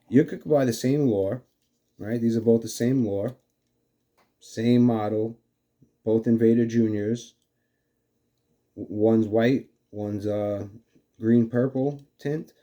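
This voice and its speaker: A man's voice: fairly low pitch, dark tone. A man with a New York accent casually demonstrating fishing lures, rambling with many fillers like "you know". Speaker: fishing channel host.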